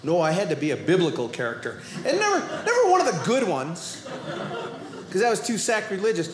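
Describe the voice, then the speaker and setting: Boston man, stand-up comic, very high voice, roomy live stage sound, playful shouty delivery. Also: a little fast, noisy background. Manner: animated, playful delivery with shouted asides and sudden quiet drops. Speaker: stand-up comedian. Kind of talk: stand-up comedy routine. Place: comedy club stage before a live audience.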